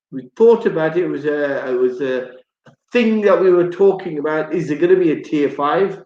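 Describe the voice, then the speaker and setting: A man's voice: a little high, animated, unhurried, darkish tone, roomy sound, dull audio. A man hosting a live radio talk show, chatty and jokey, often repeating his words.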